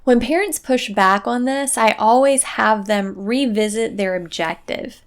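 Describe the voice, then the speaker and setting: A woman hosting a parenting podcast, giving calm, matter-of-fact advice in a scripted solo talk. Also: on the high side, measured pace, clean tone.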